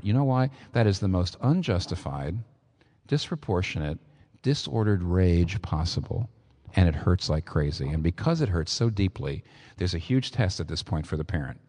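A man preaching a sermon with animated delivery, his voice leaping upward for emphasis. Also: big-room sound. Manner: animated preaching, pitch rising sharply for emphasis. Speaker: pastor.

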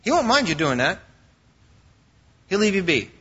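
Bright-voiced male pastor preaching. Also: high-pitched, big pitch swings, normal speed, slightly rough, muffled recording. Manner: preaching with fillers and restarts, quoting scripture. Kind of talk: sermon.

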